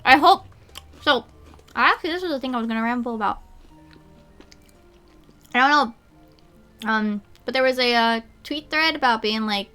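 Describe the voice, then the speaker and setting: A woman's voice: on the high side, moderate pace, pauses often, fairly bright tone, clean tone, soft background music. A woman streamer chatting casually and rambling with lots of fillers while snacking. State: eating while talking. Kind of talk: casual chat.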